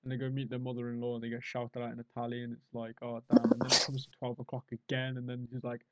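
A man's voice: mid-range voice, fast talker, no room sound. An English man co-hosting a podcast, chatting in a casual comedic way and often slipping into put-on voices. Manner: animated, slips into put-on voices. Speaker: podcast co-host.

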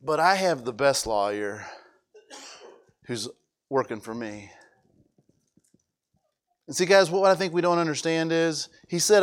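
A man's voice: a little high, measured pace, pauses often, clear, resonant tone. A man preaching a conversational sermon, often stumbling over repeated words and asking the congregation questions.

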